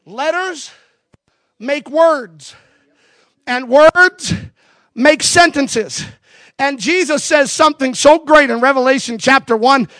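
A male pastor preaching a sermon at a camp meeting, building from quiet teaching to shouted calls. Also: very high-pitched, slow pace, pauses often, no room sound.

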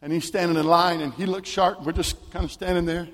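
A male pastor preaching a camp meeting sermon, moving from a chatty story into shouted preaching. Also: a little high, fairly even intonation, a little fast, long reverb tail. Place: large church hall at a camp meeting.

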